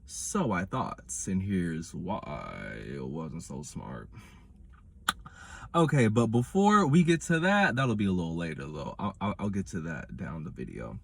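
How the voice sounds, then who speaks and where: A man, reviewing a reality show in casual commentary with animated, dramatic retelling. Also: low-pitched, unhurried, vocal fry, slightly rough.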